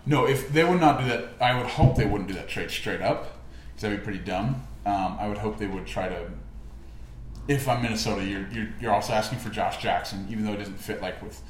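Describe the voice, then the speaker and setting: A man's voice: on the low side, a little fast, roomy sound, slight background noise. A young man hosting a casual sports podcast, chatty and opinionated, often laughing as he talks. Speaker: podcast host. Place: room, walking around.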